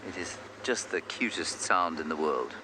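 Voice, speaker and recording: A man's voice: deep voice, lively intonation, moderate pace. A man working as a safari guide, giving chatty, self-deprecating commentary on a live game drive from an open vehicle outdoors. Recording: outdoor noise from a moving vehicle.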